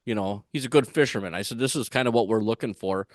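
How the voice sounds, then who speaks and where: Man, low voice, rambling storyteller, casual podcast chat, dry close sound. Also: fast, no echo. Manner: rambling, full of fillers and restarts, animated when quoting others. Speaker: tournament angler guest.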